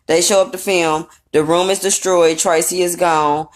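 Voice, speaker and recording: A woman's voice: lowish voice, fairly even intonation, normal speed. A woman recapping a reality show in casual, rambling commentary, blunt and profane with a sassy edge. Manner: rambling with fillers and asides.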